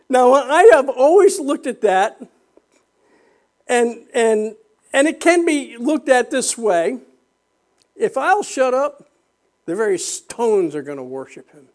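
An older man preaching a sermon as pastor, fervent and rising to shouts, with restarts and self-mocking laughs. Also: very high-pitched, big pitch swings, takes it slowly, pauses often.

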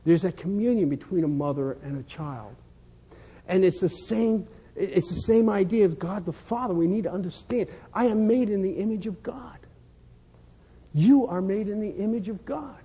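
A man's voice: sits high, normal speed, dark tone, slightly rough. A man preaching a sermon, telling folksy stories and repeating words as he builds to fervent emphasis. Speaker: pastor. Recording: dull sound, long hall reverb.

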